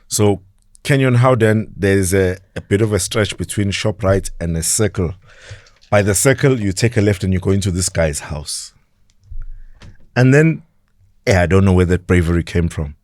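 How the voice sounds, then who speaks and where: A South African man, a podcast guest, telling a dramatic story in an animated way and acting out the voices of the people in it. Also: low voice, no room sound. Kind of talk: storytelling in an interview.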